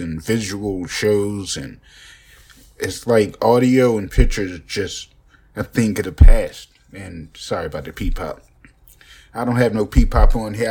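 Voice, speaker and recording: A man's voice: on the low side, darkish tone, husky. A young man rambling profanely and joking in a casual podcast monologue, recorded on a phone. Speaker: podcast host.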